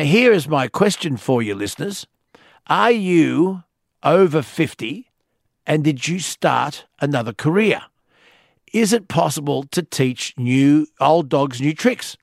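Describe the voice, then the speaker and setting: A man's voice: mid-range voice, gravelly, no echo, clean studio sound. A man with an Australian accent hosting late-night talkback radio, laid-back and chatty. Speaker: radio host. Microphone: studio microphone.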